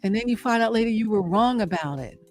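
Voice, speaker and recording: A woman's voice: on the high side, lively intonation, quick pace, soft background music. A middle-aged woman hosting a motivational faith talk on a livestream, speaking with an emphatic, repetitive, preacher-like cadence and coaxing her listeners.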